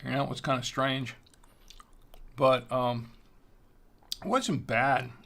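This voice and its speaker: A man with a gravelly, slightly creaky voice chats his way through a home wine tasting stream. He rambles and loses his thread, filling the gaps with easy, self-deprecating asides. His pitch sits in an ordinary middle range. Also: steady tone, takes it slowly, a bit bright. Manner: rambling, chatty, self-deprecating with frequent fillers. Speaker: host of a wine tasting livestream. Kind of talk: casual live-stream chat.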